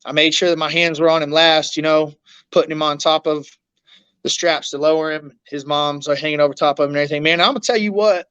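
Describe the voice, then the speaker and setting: A man's voice: a little high, fairly even intonation, fast talker, fairly bright tone, clear, resonant tone, dry recording, highs cut off. Blunt man telling a painful story. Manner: raw and blunt, swearing often, acting out quoted voices. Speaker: interview guest, fighter. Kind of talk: emotional storytelling in an interview.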